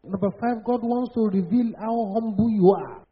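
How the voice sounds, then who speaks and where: A man preaching a sermon in a declamatory way, rising into shouted prophetic chants. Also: high voice, moderate pace, husky. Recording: dull lo-fi sound.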